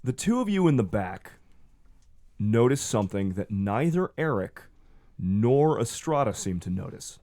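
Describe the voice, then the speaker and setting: A man's voice: fairly low pitch, very animated, unhurried, mellow. A man serving as game master, narrating a tabletop game in a casual way with filler words.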